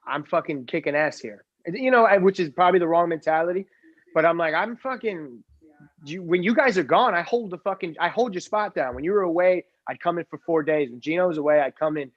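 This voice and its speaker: A man joining a podcast over a video call, talking quickly and animatedly, telling stories in casual chat. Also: on the high side, no room sound. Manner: rapid, animated storytelling with quoted dialogue. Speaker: podcast guest. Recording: dull lo-fi video call audio.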